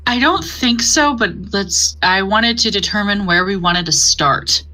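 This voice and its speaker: A woman's voice: mid-range voice, expressive, unhurried, background noise. A woman playing a tabletop game, thinking aloud and planning the next move. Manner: thoughtful, planning aloud, laughs often. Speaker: player. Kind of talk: casual tabletop play.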